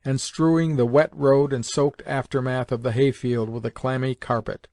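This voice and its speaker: A man narrates a classic novel in audiobook style. His reading is measured and even, in a middle register. The recording is dry, with little room sound. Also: medium pitch, dry recording.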